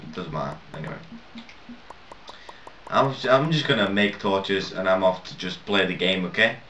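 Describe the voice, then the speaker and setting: A man's voice: low-pitched, normal speed, a bit bright, a little hiss or hum. A young man rambling and swearing through casual gameplay commentary, laughing at his own mistakes. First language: not English. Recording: lo-fi roomy home mic at a distance.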